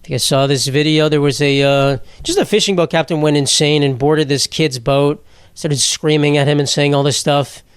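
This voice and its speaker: Rambling, sarcastic young comedian, dry close sound. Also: male voice, on the high side, steady tone, normal speed, clean tone, no room sound. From New York. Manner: rambling, sarcastic, swears freely, laughs at own jokes. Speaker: podcast host, comedian. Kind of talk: solo comedic podcast monologue.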